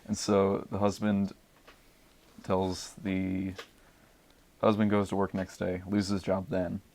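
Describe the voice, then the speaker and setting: A young man on a podcast, casually rambling through a movie pitch with lots of fillers. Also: completely flat delivery, takes it slowly, a little mellow, slight background noise. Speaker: podcast regular.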